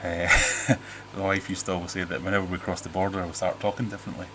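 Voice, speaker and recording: A middle-aged British man with a lowish voice hosts a casual livestream from his home fish room. He rambles and restarts his sentences, cracks dry jokes and reads viewer comments aloud. A faint hiss of noise sits behind him. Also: flat delivery, quick pace. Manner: rambling, jokey, self-interrupting. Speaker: livestream host. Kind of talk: casual live-stream chat reading viewer comments.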